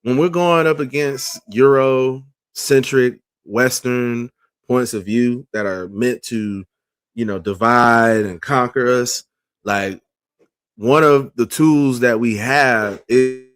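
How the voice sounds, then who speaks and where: A man's voice: mid-range voice, no echo. A man hosting a casual commentary show, talking conversationally with lots of fillers and emphatic points. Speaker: podcast host.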